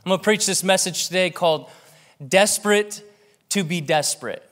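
Man preaching with a slightly high voice. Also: fairly bright tone. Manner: conversational preaching, slows down for scripture reading. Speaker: pastor. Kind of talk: sermon. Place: church in front of a congregation.

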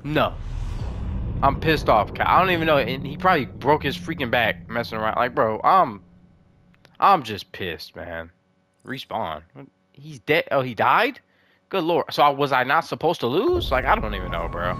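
A young man giving live, excitable commentary over a video game, swinging between frustration and amazement. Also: mid-range voice, normal speed, a little hiss or hum. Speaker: gaming commentator.

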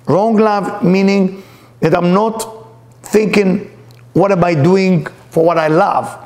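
A middle-aged man, a spiritual teacher, giving a storytelling lecture in animated English with non-native grammar. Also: high-pitched, takes it slowly. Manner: animated, acts out voices in his stories.

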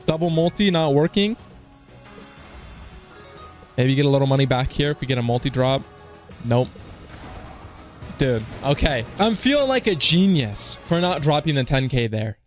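A man giving live gambling commentary as a slots streamer, casual and slangy, swearing and bursting into yells on big hits. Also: medium pitch. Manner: casual slang, keeps saying "dude" and "man".

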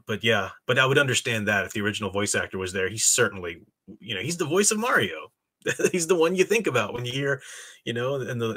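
A man's voice: fairly low pitch, sharp tone. A man hosting a live stream, talking casually and reading chat messages. He rambles with many restarts and gives blunt opinions.

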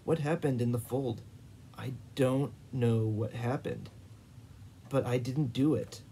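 A man's voice: medium pitch, fairly even intonation, takes it slowly, dark tone, slight background noise. A man reading the lines of a sarcastic, frustrated young woman in a storybook. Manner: sarcastic, snappish.

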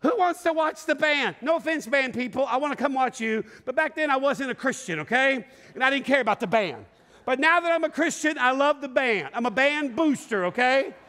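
A middle-aged man preaching a sermon, telling a story with lively shouts and laughter. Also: very high-pitched. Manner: animated storyteller, acts out scenes with shouts and laughter. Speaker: pastor. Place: large church sanctuary. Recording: long hall reverb.

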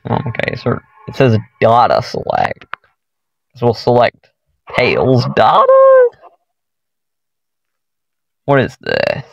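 A gaming YouTuber plays a horror game for his channel, and his medium-pitched voice swings wildly as he jumps and exclaims at every scare, calling his viewers "guys." He speaks slowly with a creaky quality and long pauses. The recording is muffled but has no echo.

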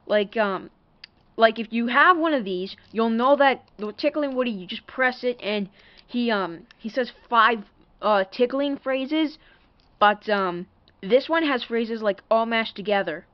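A woman's voice: a little high, animated, measured pace, no echo, muffled recording. Rambling woman showing off a toy. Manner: rambling, full of fillers and apologies. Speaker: toy collector showing a doll. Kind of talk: casual show-and-tell vlog.

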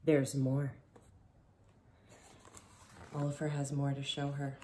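A woman reading a picture book aloud to children, gently explaining as she goes and asking them questions. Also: rumbling low, monotone, background noise. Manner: gentle, slow storytelling, speaking directly to children.

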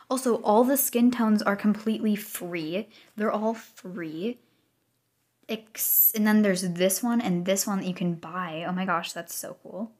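A woman's voice: mid-range voice, darkish tone. Gushing woman narrating a game update. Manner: gushing, breathless exclamations, sometimes dropping to a whisper. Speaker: gaming video creator. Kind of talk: excited gameplay commentary.

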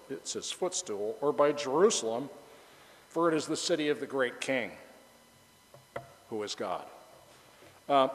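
A man's voice: medium pitch, big-room sound, poor audio. A male pastor preaching a conversational sermon, chatty and joking, bantering with the congregation.

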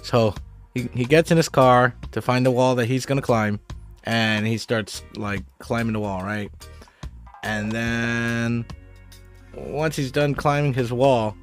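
A man's voice: mid-range voice, fairly even intonation, slow pace, faint music behind. A man casually recapping a TV episode, rambling and swearing, with lots of fillers and restarts. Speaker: show recap host.

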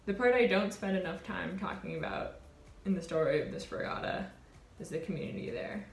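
A woman in her twenties, a college sailor, telling a reflective personal story in an earnest, warm way. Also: medium pitch, a little fast, few pauses, roomy sound, a little hiss or hum. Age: 20s. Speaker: college sailor and award winner.

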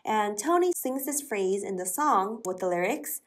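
A woman teaching an English lesson, speaking slowly and clearly and spelling words out letter by letter. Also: mid-range voice, very animated.

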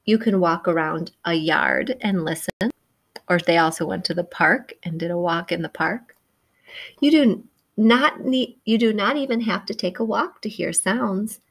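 A woman reading a picture book aloud to young children, gentle and encouraging, chatting about the pictures and imitating the story's sounds. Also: fairly low pitch. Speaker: children's read-aloud presenter.

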